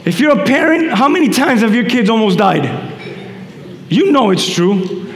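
A male pastor preaching a sermon, animated, with shouted peaks and quick asides to the congregation. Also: very high voice. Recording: echoey hall reverb, faint noise.

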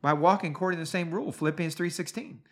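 Man preaching, high pitched, earnest, emphatic, rhetorical questions. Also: steady tone, racing, a bit bright. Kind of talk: sermon podcast.

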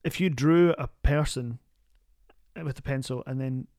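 A man's voice: medium pitch, unhurried, a little mellow, no echo. Wry man in a dry, close recording. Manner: dry, wry, self-deprecating. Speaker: actor, podcast co-host. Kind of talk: casual chat.

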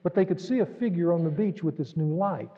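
A man pastor delivering an earnest, dramatic sermon, jumping between raised exclamations and hushed asides. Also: on the high side, a little fast. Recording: dull recording in a reverberant hall.

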